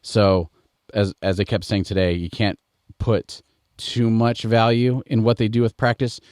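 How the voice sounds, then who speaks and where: Brief: middle-aged American podcast host with a lowish voice, relaxed and digressive. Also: male voice, a little slow, no room sound, studio quality. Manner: rambling, digressive. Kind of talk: casual chat.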